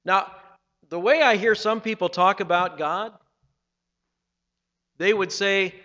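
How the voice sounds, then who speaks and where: A man preaching a sermon, reading scripture dramatically and swinging between loud passages and hushed ones. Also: sits high, animated, slow pace, long pauses, long reverb tail, highs cut off. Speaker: pastor.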